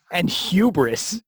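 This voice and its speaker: A man's voice: high voice, husky. A British man with a posh way of talking, trading dry, teasing banter while introducing songs. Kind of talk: bantering radio-style chat.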